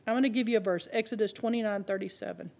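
A woman's voice: mid-range voice, racing, gravelly, darkish tone. A woman preaching a sermon, talking straight to the congregation in a conversational, humorous storytelling way. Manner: conversational, addresses the congregation directly.

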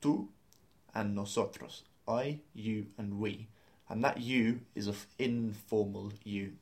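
A man's voice: on the low side, slow, a little mellow. A man teaching a beginner language lesson, explaining grammar step by step and spelling out words letter by letter.

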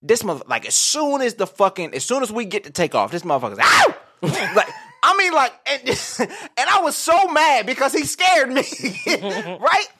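A man's voice: very high-pitched, sing-song, normal speed, sharp tone, breathy edge. A man co-hosting a podcast, telling a story in casual, profane chat and laughing through it. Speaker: podcast co-host.

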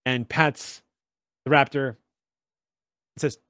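Animated male game master. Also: medium pitch, a little fast, no echo, studio quality. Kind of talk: narrating a tabletop game.

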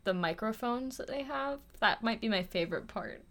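A young woman in casual podcast chat, animated and quick to laugh, jumping up in pitch when she quotes people. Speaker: podcast co-host.

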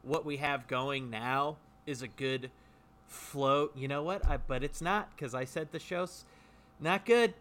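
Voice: mid-range voice, unhurried, fairly bright tone. A performer in an improvised comedy scene, talking in a flustered, backpedaling way and over-explaining everything.

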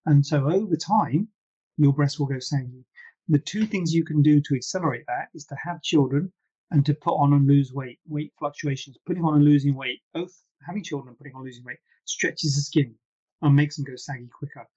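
A man with a slightly raised, husky voice answers viewer questions in a loose, chatty live stream. He rambles and drifts into self-deprecating asides. The sound is dull and lo-fi, like a low-grade live broadcast. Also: fairly quick, warm tone. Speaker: plastic surgeon hosting a live Q&A.

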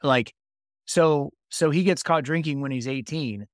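A man's voice: a little high, measured pace, dry recording, studio quality. A man as a podcast guest, speaking reflectively in casual conversation.

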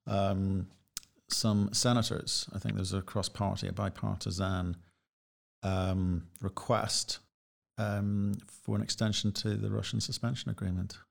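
A man's voice: lowish voice, flat delivery, a little slow, gravelly. A man hosting a conversational interview, chatty and often correcting himself, with many fillers. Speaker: host.

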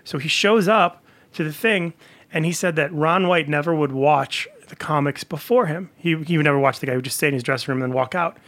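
A man's voice: a little high, fairly quick, a bit bright. A man telling comedy-world stories in a casual podcast chat, rambling with many fillers. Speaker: comedian guest.

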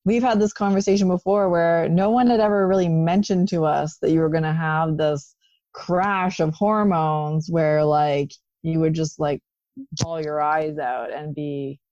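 A woman's voice: deep voice, fairly even intonation, unhurried, mellow, no echo, dull audio. A woman in casual chat, speaking in a reflective way and often checking in with "right?". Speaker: podcast co-host.

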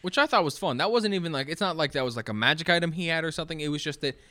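A man's voice: a little high, lively intonation, racing, pushed and bright. A young man co-hosting a casual book podcast, easygoing and full of fillers as he recaps the story. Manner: laid-back, plenty of fillers and agreeing murmurs. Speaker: podcast co-host.

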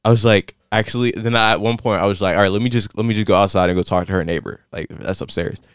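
A young man in casual chat, telling a story with lively quoted voices that jump high. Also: fast talker, clear, resonant tone, no room sound, studio quality. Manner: animated, acts out quotes with big pitch jumps.

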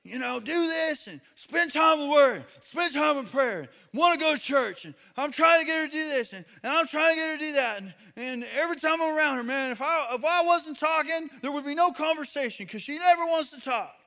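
A man's voice: very high voice, lively intonation, fairly quick, hardly any pauses, bright, forceful tone, pitched above the performer's own voice, full character voice. A man voicing an exasperated, talkative middle-aged dad who rambles and overexplains. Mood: frustrated.

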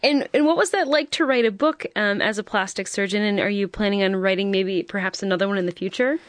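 A woman's voice: medium pitch, fast, no room sound. A woman host interviewing an author on a radio show, asking questions with friendly hesitations.

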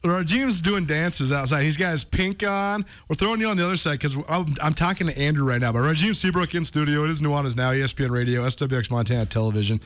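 A man hosting a sports radio show, talking in a casual, energetic way and saying "man" often. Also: a little high, quick pace, hardly any pauses.

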